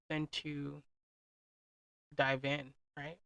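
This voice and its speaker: A woman's voice: low-pitched, little pitch movement, a little slow, creaky, a bit bright, smooth, no echo, dull audio. A woman in her thirties hosting a personal reflective monologue, talking candidly and emotionally, with many fillers and restarts. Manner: emotional, vulnerable. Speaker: host.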